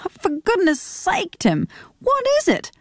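Woman reader as fussy prying mum, high lively voice, radio storybook read. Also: takes it slowly, no room sound, clean studio sound, full character voice. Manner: pressing, insistent questions. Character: fussy, prying middle-aged mother on the phone. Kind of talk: radio reading of a novel.

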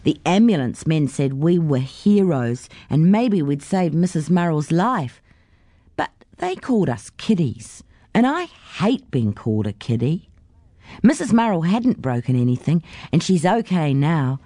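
A woman's voice: sits low, very animated, a little slow, warm tone, no room sound, faint music behind. A woman reading a children's story aloud in a girl narrator's voice.

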